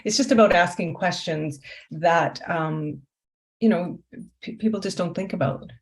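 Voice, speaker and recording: A woman's voice: fairly low pitch, unhurried, vocal fry. A woman life coach talking through her work in an interview, reflective, often posing rhetorical questions. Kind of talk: conversational interview.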